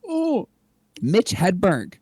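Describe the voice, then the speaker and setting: A woman co-hosting a casual podcast, expressive and quick to laugh. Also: mid-range voice, slightly rough, dry recording, clean studio sound. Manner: expressive, laughs often, playfully disgusted. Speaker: podcast co-host.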